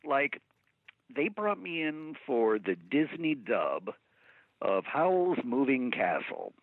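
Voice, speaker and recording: Brief: male voice-actor guest, lively up-and-down delivery, dry tinny phone sound. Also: medium pitch, slow, gravelly, dry recording. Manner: animated storyteller, slips into impressions. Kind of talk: casual interview chat. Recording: thin phone-line sound.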